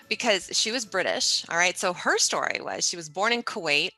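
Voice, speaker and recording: Animated woman with a bright voice. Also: on the low side, moderate pace, faint music behind. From United States. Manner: animated storyteller, acts out quoted voices. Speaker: interview guest. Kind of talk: conversational storytelling interview.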